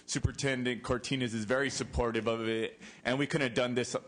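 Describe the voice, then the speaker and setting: Halting man testifying at a hearing. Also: medium pitch, steady tone, a bit bright. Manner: halting, many fillers and repeats. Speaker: school district representative testifying. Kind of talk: formal testimony. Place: legislative committee hearing room.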